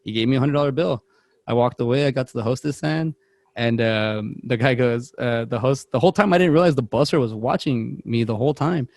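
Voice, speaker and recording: In a dry recording, a man with a mid-range voice and vocal fry speaks a little fast. As a podcast co-host chatting casually, he rambles through a long work story, acting out quotes with animation and frequently interrupting himself.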